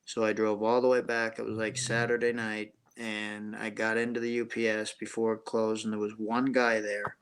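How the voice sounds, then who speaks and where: A man's voice: fairly low pitch, monotone, normal speed, few pauses, fairly bright tone, clean tone. A man hosting a casual live stream about watches, chatting and telling a rambling story. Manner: rambling storyteller, reads chat names.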